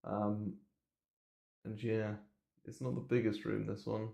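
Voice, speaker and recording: Speaking slowly in a fairly low, warm voice with vocal fry and a level tone, this man rambles through casual market talk on his crypto trading livestream. He uses lots of fillers and casual swearing, and his desk mic sits close to his mouth in a small bare room.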